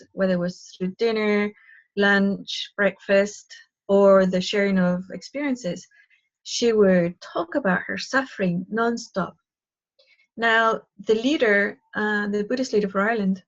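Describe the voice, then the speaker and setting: Expressive woman telling stories on a live call. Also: medium pitch, muffled recording. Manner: chatty and expressive, acting out quoted voices. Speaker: spiritual teacher hosting a live call. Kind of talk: live spiritual talk with storytelling. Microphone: live online call.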